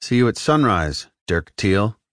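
A man's voice: lowish voice, sing-song, unhurried, a bit bright, dry recording, clean studio sound, voice pushed up. A man voicing a tough, guarded young female soldier who speaks tersely, in an audiobook.

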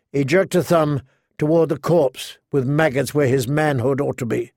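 Measured male audiobook narrator. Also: a little high, fairly even intonation, a little mellow, dry recording, clean studio sound. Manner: measured, unhurried, vivid. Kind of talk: scripted narration.

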